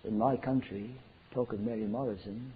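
Impassioned preacher, tinny lo-fi recording. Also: male voice, on the low side, fairly even intonation, moderate pace. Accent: South African. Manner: swings from loud fervent declarations to hushed near-whispers. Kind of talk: sermon. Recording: tinny lo-fi sermon recording with faint noise.

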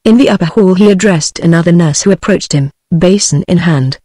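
A woman's text-to-speech voice with a British English accent, narrating an audiobook in an even, scripted way. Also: fairly low pitch, a little fast, slightly rough, no echo. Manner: even, synthetic reading.

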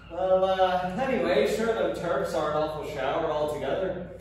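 Man doing a tactless Irish chatterbox, high voice, rambling and apologetic, echoey room, far from the mic. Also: darkish tone, close to an everyday voice. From Ireland. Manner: rambling, apologetic, quick to laugh. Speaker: character in a comedy audio sketch. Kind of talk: scripted comedy dialogue. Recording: echoey room, distant mic, faint noise.

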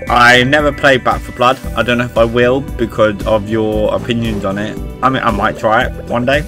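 A man's voice: medium pitch, fairly even intonation, moderate pace, music in the background. A man streaming a video game, chatting casually with his viewers, joking and swearing now and then. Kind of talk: casual gaming stream chat.

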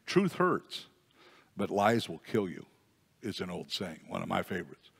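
A man's voice: sits low, sing-song, measured pace, gravelly, slightly rough. A man preaching a sermon as pastor in a conversational way, rising to emphatic peaks. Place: church sanctuary. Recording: long church reverb.

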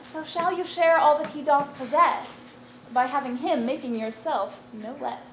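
A woman's voice: high voice, measured pace, a little hiss or hum. A woman playing a noble mother, declaiming formal verse in amateur stage acting. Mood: persuasive. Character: stately noble mother urging marriage. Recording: roomy stage recording.

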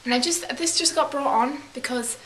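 A woman's voice: high voice, normal speed, a bit bright. Chatty young woman with put-on English accent. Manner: rambling, self-correcting, chatty. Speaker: vlogger. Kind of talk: casual storytelling vlog. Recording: echoey room with faint hiss.

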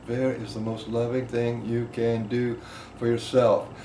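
A man teaching a group about emotional release, impassioned, swinging between loud emphasis and quiet asides. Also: medium pitch, little pitch movement, a little slow. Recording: echoey room with faint background noise.

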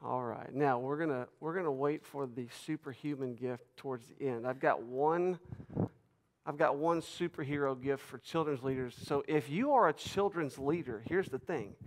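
A man giving a lively Bible lecture to an audience, rising in pitch and loudness when he stresses a point. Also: moderate pace, slight background noise. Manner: animated, rises in pitch and volume for emphasis. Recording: long reverb of a large hall.

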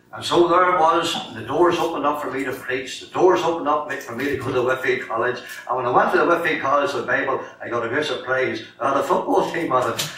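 A middle-aged man with a Northern Irish accent giving his testimony in a sermon, telling his story in an animated way and acting out the dialogue. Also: medium pitch. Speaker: lay preacher giving testimony. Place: church sanctuary. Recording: echoey church from a distance with faint noise.

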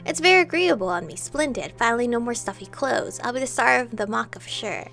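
A woman's voice: fairly high pitch, lively intonation, fast, gravelly, fairly bright tone, faint music behind. A woman voicing a haughty flirtatious princess. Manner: haughty, playful.

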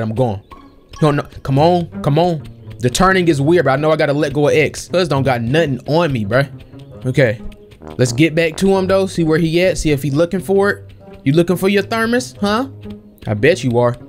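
A young man giving casual, slangy play-by-play of a video game, talking to the characters on screen. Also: fairly high pitch. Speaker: gameplay streamer. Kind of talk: casual let's-play commentary.

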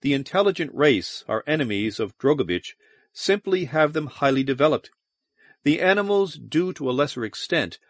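A man's voice: a little high, expressive, moderate pace, no room sound, clean studio sound. A man voicing an earnest male scientist officer explaining a theory in an audiobook.

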